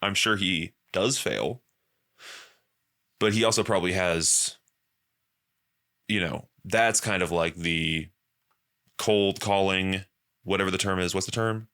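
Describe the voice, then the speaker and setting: Young dude podcast host, bright voice, kinda low, swears a lot. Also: male voice, takes it slowly, pauses often. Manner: loose and profane, acts out quoted voices. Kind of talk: casual podcast chat.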